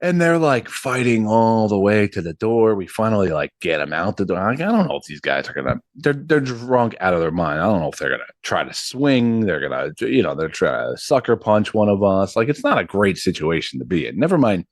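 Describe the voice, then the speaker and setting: A man's voice: on the low side, brisk, hardly any pauses, no echo, studio quality. A man in his thirties, a podcast host, telling a long story in casual chat with lots of "like" and "um" and acted-out quotes. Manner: animated, acts out quotes, frequent ums and likes. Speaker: podcast host and comedy show MC.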